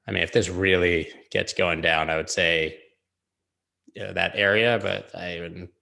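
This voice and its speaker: A man's voice: deep voice, steady tone, unhurried, vocal fry, pushed and bright. A man hosting a live-streamed chart analysis, rambling casually with jokey asides. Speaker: crypto chart analyst host.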